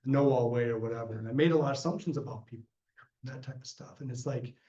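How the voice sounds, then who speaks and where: A man's voice: mid-range voice, fast talker. A man giving a guest lecture who tells stories from his work animatedly, acting out the people in them, with frequent restarts. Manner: animated storyteller, acts out quoted voices, frequent restarts. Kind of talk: storytelling during lecture Q&A. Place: lecture room. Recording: roomy, dull lecture-room recording.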